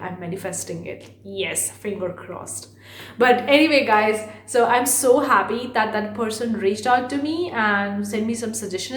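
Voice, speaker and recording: A young woman vlogging casually to camera about her online art business, chatty and repetitive, a fast talker by habit. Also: a little high, roomy sound. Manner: chatty, repeats herself, fast-talking by habit. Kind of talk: casual vlog talk to camera.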